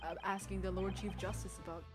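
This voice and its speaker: A woman's voice: mid-range voice, little pitch movement, quick pace. A woman streaming a game, chatting casually with crude jokes and frequent laughter. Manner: crude, joking, laughs often. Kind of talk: casual let's-play chat. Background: game music.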